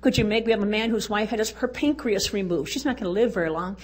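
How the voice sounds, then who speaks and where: A woman's voice: medium pitch, fast talker, darkish tone. An older woman giving a folksy, exuberant testimony talk at a church women's event, urging and cheering her listeners on. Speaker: women's conference speaker.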